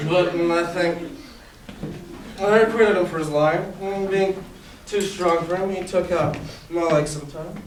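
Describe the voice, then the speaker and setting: A teenage boy playing a drunken comic porter in a school stage performance, speaking haltingly with stumbles. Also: sits high, sing-song, exaggerated voice. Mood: joking. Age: teens. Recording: echoey room, distant mic, noisy.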